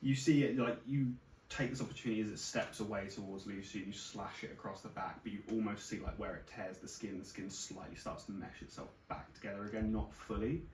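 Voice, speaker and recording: A man's voice: on the low side, fairly even intonation, fairly quick, a little mellow. A man narrating as game master, loosely describing the action with frequent restarts. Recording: roomy distant mic, faint noise.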